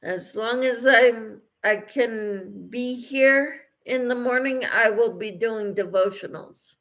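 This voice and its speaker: A woman's voice: fairly high pitch, slow, fairly bright tone. A woman hosting a casual crochet livestream, reading viewer comments aloud and answering them, tired late at night.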